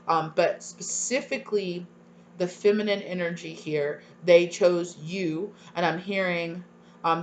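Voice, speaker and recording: A woman's voice: lowish voice, slight background noise. Gushing, emotional woman reading tarot. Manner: emotional, gushing, many fillers and repeated "right?". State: tearful at times. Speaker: tarot reader. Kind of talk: live tarot reading to viewers.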